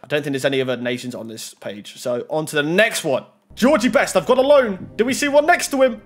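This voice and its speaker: High-voiced gaming commentator. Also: male voice, a little fast. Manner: running commentary, rising to excited shouts. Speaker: FIFA pack-opening YouTuber.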